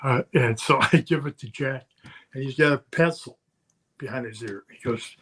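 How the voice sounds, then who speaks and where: A man's voice: medium pitch, normal speed, fairly bright tone, husky. An older man, a former wrestler, telling rambling anecdotes in casual podcast chat, often chuckling. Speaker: guest storyteller, former wrestler.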